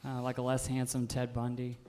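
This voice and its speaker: A man in his twenties doing a stand-up set, with an offhand, deadpan delivery full of "um"s. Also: medium pitch, fairly quick, noisy background. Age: 20s. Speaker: stand-up comedian. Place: live comedy stage.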